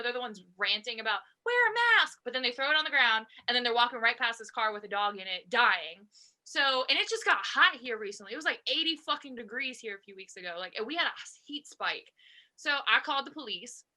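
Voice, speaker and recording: A young woman from Virginia telling a story in a profane, animated rant on a podcast. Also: fairly high pitch. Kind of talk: ranting storytelling.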